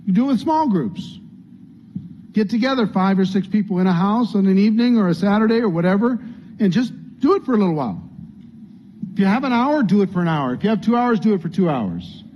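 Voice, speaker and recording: A business coach speaks fast in a high, expressive voice, earnestly chatting with a training group while acting out things people might say. The lo-fi recording sounds dull, with faint room ambience and slight background noise.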